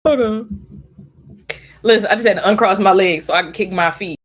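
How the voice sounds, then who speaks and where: A woman hosting a casual podcast, telling a story in a gushing, profane way with loud squeals. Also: medium pitch, moderate pace, pauses often, slightly rough. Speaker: podcast host. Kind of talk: casual chat. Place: home desk.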